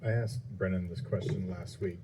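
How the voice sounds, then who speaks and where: A man's voice: low-pitched, fairly even intonation, normal speed, noisy background. A man, a sports reporter, asking questions at a press conference in a plain, conversational way. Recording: reporter far from the mic.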